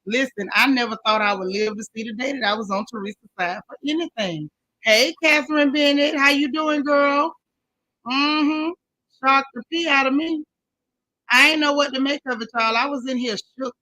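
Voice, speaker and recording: A woman's voice: high-pitched, normal speed, bright, forceful tone, rough recording. A woman hosting a casual live stream, chatting with viewers and greeting each one by name in folksy slang.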